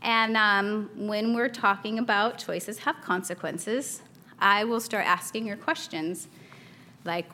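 A woman's voice: medium pitch, slow, sharp tone, a little hiss or hum. A woman in her thirties teaching a Bible study in a chatty, casual way, laughing often and acting out a toddler's small voice.

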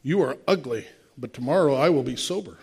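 A man's voice: mid-range voice, expressive, brisk, creaky, a little mellow, breathy edge, exaggerated voice. A male preacher voicing a drunk, witty old British statesman who delivers curt, cutting comebacks in an anecdote. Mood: mocking.

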